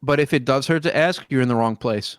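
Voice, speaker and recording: A man's voice: mid-range voice, fairly quick, smooth, dry recording, studio quality. A young man hosting a podcast, talking in a rambling, casual way with lots of swearing and fillers. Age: young adult. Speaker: podcast host. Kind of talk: casual chat.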